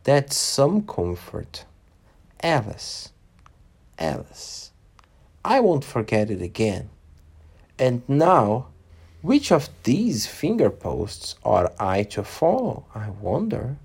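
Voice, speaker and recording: A man's voice: mid-range voice, wildly swooping pitch, slow pace, darkish tone, husky, heavily acted. A man voicing a curious, polite young girl in a storybook read-aloud, speaking timidly and wonderingly.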